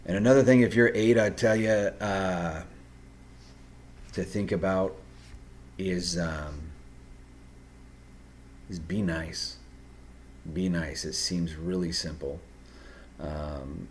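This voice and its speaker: A man talking straight to viewers, giving earnest, direct advice off the cuff, pausing and restarting as he thinks. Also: deep voice, slight background noise. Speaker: video host giving personality-type advice. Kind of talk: unscripted advice monologue.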